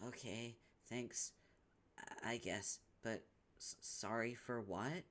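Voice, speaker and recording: A man's voice: mid-range voice, steady tone, takes it slowly. Tavros, a man doing a stammering timid troll boy. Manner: hesitant, stammering, soft-spoken. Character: timid paralyzed young troll boy, meek. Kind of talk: comic read-along voice acting.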